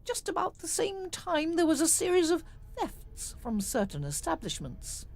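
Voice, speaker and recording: A woman's voice: extremely high pitch, wildly swooping pitch, a little mellow, voice pushed up, exaggerated voice. A woman doing a gloating scheming colonel. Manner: gloating, drawn-out. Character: smug scheming male army colonel.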